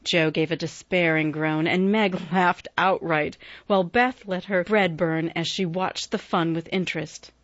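A woman reading a classic novel aloud as audiobook narrator, measured and expressive. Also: on the low side, dry recording, muffled recording.

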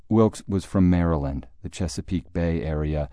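A man's voice: low voice, normal speed, hardly any pauses, warm tone, dry recording. A man narrating a story in a dry, wry manner. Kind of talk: audiobook narration.

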